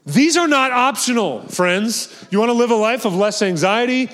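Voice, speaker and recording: A man's voice: very high-pitched, expressive, moderate pace, a bit bright. A man preaching a sermon as pastor, talking earnestly and emphatically, often repeating words and phrases for effect.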